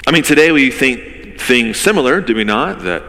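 Bright-voiced man preaching in a reverberant hall. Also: mid-range voice, lively intonation, normal speed. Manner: vivid, storytelling delivery with rhetorical questions. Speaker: pastor. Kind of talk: conversational sermon. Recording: long reverb of a large hall.

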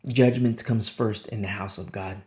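A man's voice: fairly even intonation, moderate pace. Man preaching with emphatic sermon swings. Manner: emphatic, swinging from low hushed lines to sharp high exclamations. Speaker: pastor.

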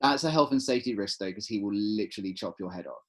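Husky man chatting. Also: on the low side, fast. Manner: animated, rambling storyteller. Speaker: podcast co-host. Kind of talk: casual chat.

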